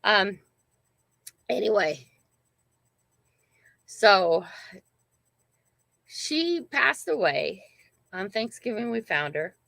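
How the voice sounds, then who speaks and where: Gravelly-voiced grandmother telling a story. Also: medium pitch, very animated, drawn-out words, pauses often, a bit bright, no echo. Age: older. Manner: rambling, emphatic, frequent "right?" and "okay?". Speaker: channel host. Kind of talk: casual livestream storytelling.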